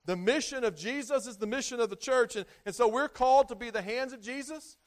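A middle-aged man delivers a sermon in a high voice. He stumbles and repeats words as he goes, building to loud emphatic peaks and letting phrases sink low at their ends. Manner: halting, repeats words often. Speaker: pastor.

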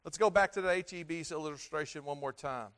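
A man preaching a sermon, repeating himself and restarting phrases, swinging between loud stresses and quiet, low endings. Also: fairly quick. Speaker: pastor.

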